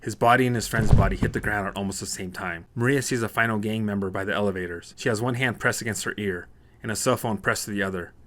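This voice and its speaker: A man narrating an action novel as an audiobook in a steady, plain reading. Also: fairly low pitch, fast talker, slight background noise.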